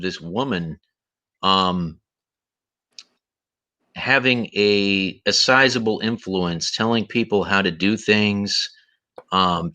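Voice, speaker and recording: A man's voice: fairly low pitch, bright, forceful tone. A man hosting a livestream, ranting indignantly and repeating himself, with a voice he says is tired. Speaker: livestream host. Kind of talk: heated commentary livestream.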